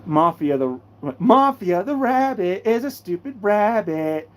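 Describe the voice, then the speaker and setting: A channel host doing a live fan Q&A, ranting excitably about characters with sudden bursts of shouting. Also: medium pitch, slow pace.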